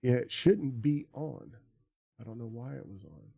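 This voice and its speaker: A man's voice: mid-range voice, expressive, measured pace, vocal fry, mellow, husky, no room sound, studio quality. A man live streaming, chatting casually in a rambling, profane, self-mocking way at a desk microphone. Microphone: desk microphone on arm.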